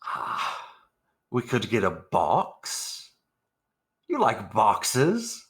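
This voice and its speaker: A man playing a gruff old ex-soldier adventurer. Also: lowish voice, wildly swooping pitch, drawn-out words, fairly bright tone, heavily acted. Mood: teasing. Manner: dry, teasing. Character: older male adventurer, ex-soldier, gruff and dry. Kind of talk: tabletop role-play in character.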